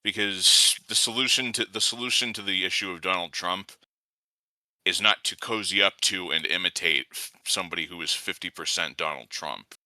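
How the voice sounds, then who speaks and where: Male co-host, sardonic edge, smooth voice, dry close mic. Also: low voice, moderate pace, pushed and bright, dry recording, poor audio. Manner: sardonic, heated. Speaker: podcast co-host. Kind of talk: casual political commentary.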